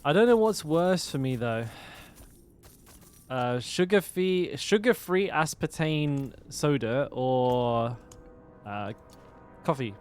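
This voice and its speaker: A man's voice: on the high side, animated, slow, pauses often, darkish tone, smooth, faint music behind. An English man with a West Country accent, chatting casually to his live-stream viewers, rambling and swearing now and then. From England. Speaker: game streamer.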